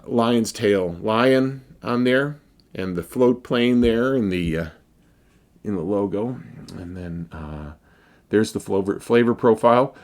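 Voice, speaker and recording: Male beer vlogger, lowish voice, casual and rambling with a wry humor. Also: darkish tone. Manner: rambling, wry, many fillers. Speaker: beer reviewer. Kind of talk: casual beer review vlog.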